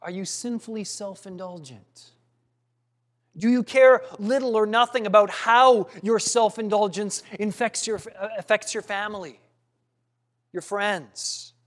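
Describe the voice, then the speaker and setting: A man preaching a sermon, earnest and questioning, with dramatic pauses and some restarts. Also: high-pitched.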